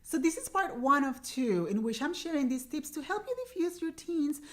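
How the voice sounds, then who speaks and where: Speaking directly to camera, a mother of teenagers in her forties hosts a parenting advice show, earnestly coaching and going back over her main points. Her high voice is expressive and a bit bright, and her pace is moderate.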